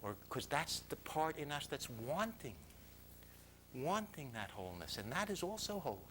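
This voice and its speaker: A man recounts a personal story to a live audience in a confessional way, dropping to hushed tones and then rising loudly, often laughing. His voice sits a bit high and sounds bright and forceful, with faint noise underneath. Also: big pitch swings, moderate pace, rough recording.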